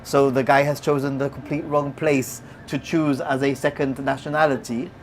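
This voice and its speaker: Excitable storyteller from Gibraltar. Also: medium pitch, normal speed, a little hiss or hum. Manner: animated, gets loud and excited when retelling. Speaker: host. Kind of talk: casual storytelling chat.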